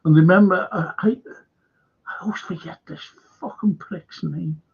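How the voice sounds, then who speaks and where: On his live stream, a Liverpudlian man rants through a meandering tale packed with curses and angry flare-ups. He sounds high and gravelly with a breathy edge, speaking a little slowly. The audio has phone-like quality.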